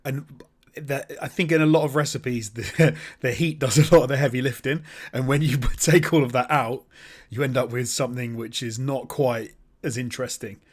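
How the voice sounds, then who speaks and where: A man's voice: mid-range voice, steady tone, moderate pace, husky. A man from the UK co-hosting a podcast in casual chat, talkative and full of questions. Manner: chatty, asks lots of questions. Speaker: podcast co-host.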